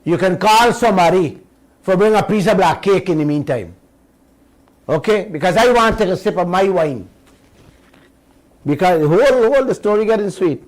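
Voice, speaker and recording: A man with a Guyanese accent hosting a radio show, delivering a slow, emphatic political commentary and speaking straight to his listeners. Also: sits high, expressive, low-quality recording.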